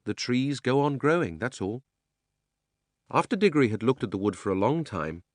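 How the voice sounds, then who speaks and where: A man narrating a children's audiobook in a measured, expressive reading. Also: mid-range voice, no echo, clean studio sound. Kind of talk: scripted storybook narration.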